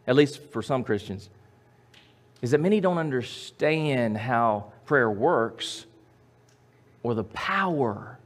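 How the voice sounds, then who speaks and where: In a mid-range voice, a male pastor preaches a sermon with emphasis, repeating his phrases and shifting between loud and quiet passages.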